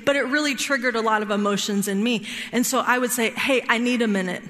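A woman leads a marriage class in a relaxed, talky way, checking in with her listeners every few sentences. Her voice is bright and forceful. The sound rings with the long reverb of a large hall. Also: on the high side, fast. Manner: checks in often with "right?" and "all right?". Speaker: marriage workshop teacher. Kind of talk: conversational teaching talk.

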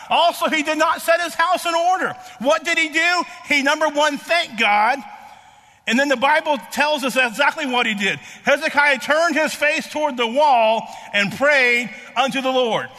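Male preacher, very high and bright tone, halting delivery, long hall reverb. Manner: halting, repeats words, many fillers. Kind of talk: sermon.

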